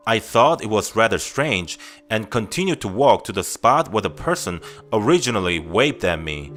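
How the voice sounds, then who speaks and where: A man reading first-person scary stories aloud in a steady, grim, confessional storytelling manner. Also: fairly low pitch, normal speed, soft background music.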